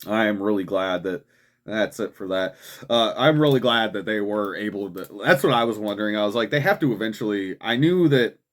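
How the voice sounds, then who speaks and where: This young male host of a political commentary show delivers a heated, profanity-laced rant full of "dude" and "man" fillers. He talks fairly quickly in a fairly low voice with lively intonation.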